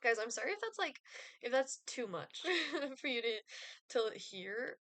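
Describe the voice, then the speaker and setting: A woman's voice: fairly high pitch, sing-song, unhurried, a bit bright, dry recording. A young woman streaming a life-sim game, chatting casually with lots of fillers and giggles. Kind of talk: casual gameplay chat.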